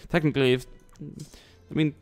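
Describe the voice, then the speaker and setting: A man's voice: on the high side, flat delivery, moderate pace, a little mellow, soft background music. A man giving casual, rambling commentary over a strategy game, thinking aloud and tossing in jokey asides. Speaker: let's play commentator.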